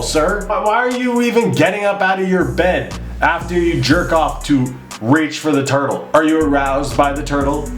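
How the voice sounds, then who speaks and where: Ranting man in an echoey room. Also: a little high. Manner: incredulous, ranting, sarcastic. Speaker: comedy commentator. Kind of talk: reacting to read-out questions.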